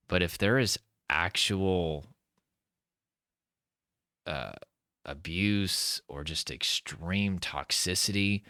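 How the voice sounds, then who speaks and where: A man who works as an anxiety coach, talking straight to his viewers in an earnest teaching style, often checking in with "right?" and "okay?" and slowing down to stress key words. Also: a bass voice, sharp tone, no echo, clean studio sound. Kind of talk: direct-to-camera teaching talk.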